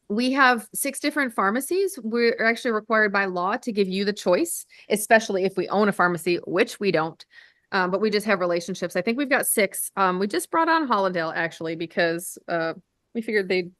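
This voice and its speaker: A woman's voice: mid-range voice, moderate pace, fairly bright tone, no room sound. A woman hosting a telehealth livestream, chatting casually and joking at her own expense, with the odd swear.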